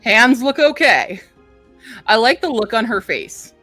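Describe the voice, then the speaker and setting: A chatty woman hosting a relaxed book review chat. She laughs easily and reads blurbs aloud between asides. Faint music sits underneath. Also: on the high side, measured pace, no room sound. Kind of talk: casual chat.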